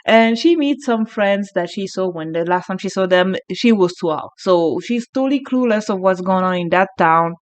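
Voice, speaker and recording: A woman's voice: medium pitch, animated, moderate pace, hardly any pauses. A woman vlogger chatting casually, frank, crude and rambling. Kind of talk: casual unscripted chat. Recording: muffled lo-fi sound.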